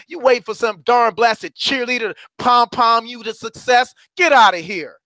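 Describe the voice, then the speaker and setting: Fiery preaching man with a bright, high voice. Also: normal speed, dry recording. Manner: fiery, preacherly, swings from loud to hushed. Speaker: motivational courage coach. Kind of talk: preaching motivational talk.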